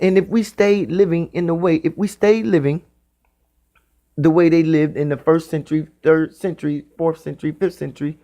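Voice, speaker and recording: A man giving a spiritual talk in the style of a sermon. He speaks emphatically and repeats his phrases, sometimes drawing them out slowly. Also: a little high, darkish tone. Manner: repetitive, emphatic, drawn-out phrasing. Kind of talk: preaching monologue.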